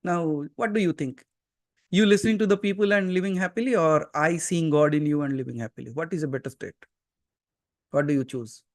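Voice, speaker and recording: A man's voice: on the high side, brisk. A man with an Indian accent, giving a satsang sermon as a spiritual teacher and pressing his listeners with earnest, emphatic questions. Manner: switches into Hindi mid-talk. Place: seated before a gathering.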